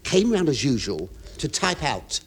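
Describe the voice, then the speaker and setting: Rambling, stammering English comedian. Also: male voice, mid-range voice, very animated, measured pace. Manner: rambling, stammering asides and confiding patter. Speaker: comedian and show host. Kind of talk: stand-up comic monologue to a studio audience. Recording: hissy 1970s radio recording.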